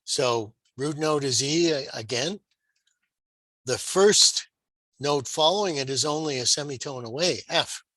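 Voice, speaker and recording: A man's voice: on the high side, measured pace, pushed and bright, no echo, poor audio. A man teaching guitar modes in a screen-shared lesson, patient and explanatory, asking the viewer rhetorical questions.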